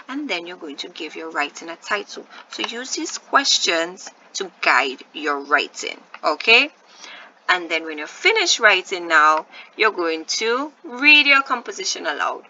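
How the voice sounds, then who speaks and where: Speaking in a mid-range voice with a sharp tone, a woman leads a video lesson for first graders, breaking words into syllables patiently and cheering on the children watching. The sound is lo-fi with a little hiss or hum.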